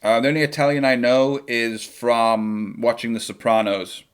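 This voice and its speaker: A man's voice: mid-range voice, little pitch movement, moderate pace, smooth. A young man with an ordinary mid-range voice talks over a live football match from his home setup. He chats loosely and jokes as the game goes on. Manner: chatty, jokey, reacting to the match. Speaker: football watchalong streamer. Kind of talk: live match watchalong chat.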